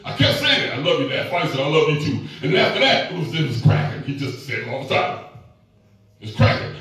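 A man in his fifties preaching a sermon, telling a personal story in a folksy, emphatic way with sudden shouts. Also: a little high, big pitch swings, quick pace. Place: large echoey church hall. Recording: echoey hall, voice from far off.

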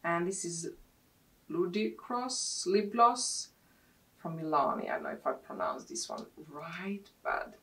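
Slow, gushing woman unboxing beauty products. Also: lowish voice. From Sweden. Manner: excitable, gushing over products. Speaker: beauty vlogger. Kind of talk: casual unboxing chat. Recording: distant mic with clear background noise.

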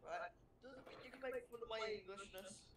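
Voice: medium pitch, fairly quick. A player from England and Ireland, chatting cheekily during an online game. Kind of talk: casual gaming chat. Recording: loud noise, echoey and distant.

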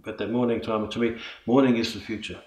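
A man's voice: fairly low pitch, fairly even intonation, a little fast, darkish tone. A man with an Australian accent, a guest in a casual podcast interview, talking eagerly and rambling in bursts. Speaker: guest, co-founder of a coaching business. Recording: echoey room.

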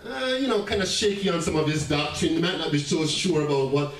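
A man preaching a sermon as pastor, animated, with laughing asides and stammering restarts. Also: fairly high pitch, fast talker. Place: church sanctuary. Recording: echoey church room heard from a distance.

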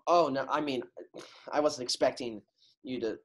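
A man's voice: mid-range voice, moderate pace, a little hiss or hum, close to an everyday voice. A teen boy playing a stammering shy suitor. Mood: nervous. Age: teens. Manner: stammering, hesitant. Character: shy young man, Ferdinand, playing frog. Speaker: student actor.

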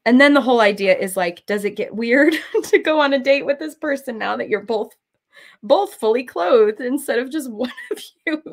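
A woman's voice: high voice, expressive, moderate pace. Chatty woman crafter, talks while she works, wanders off topic easily. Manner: chatty, rambling onto side topics. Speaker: cross-stitch designer and streamer. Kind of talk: casual chat while stitching.

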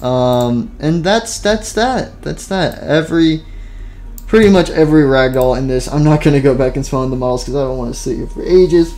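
Brisk and dark-toned at a medium pitch, this man's voice carries casual gameplay commentary from his computer. A gaming YouTuber, he rambles with heavy fillers and self-deprecating remarks, sounding tired and out of breath.

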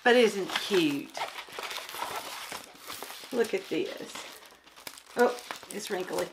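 A woman chats and rambles at home as she shows her craft projects, restarting often and leaning on fillers. She draws out her words at a medium pitch and pauses frequently, with background noise behind her.

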